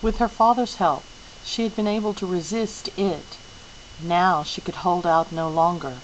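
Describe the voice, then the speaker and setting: A woman reads a novel aloud in a clear, unhurried way. Her voice is low-pitched and very slow, with a faint hiss in the recording. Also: steady tone, lo-fi sound. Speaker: audiobook reader.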